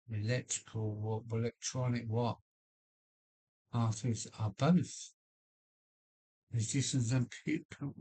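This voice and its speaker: A man with a deep voice hosting a casual live stream from his loft, rambling with many fillers and restarts while chatting with viewers. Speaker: livestream host. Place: home loft.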